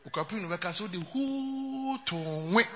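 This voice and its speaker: High-pitched animated preacher. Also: male voice, normal speed, very noisy. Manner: animated preaching, mixing English with Twi, shouting at times. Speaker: pastor. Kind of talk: sermon. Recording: dull sound in a reverberant hall.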